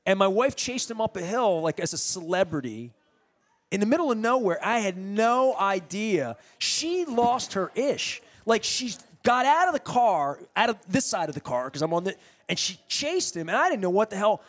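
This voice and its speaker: Rambling, slightly high-voiced male radio host. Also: very animated, normal speed, a bit bright, no room sound. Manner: rambling storyteller, many restarts. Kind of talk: casual interview chat. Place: restaurant.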